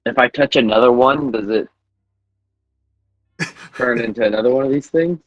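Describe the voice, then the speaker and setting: A man's voice: medium pitch, normal speed, dry recording. Easygoing male player on a dull mic. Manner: easygoing, laughing, profane. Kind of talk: casual tabletop chat.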